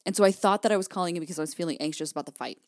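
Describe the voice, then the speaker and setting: A woman's voice: fairly low pitch, rapid-fire, darkish tone, no room sound, clean studio sound. A young woman hosting her own podcast, telling a personal story candidly, swearing freely and acting out her past thoughts. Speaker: podcast host.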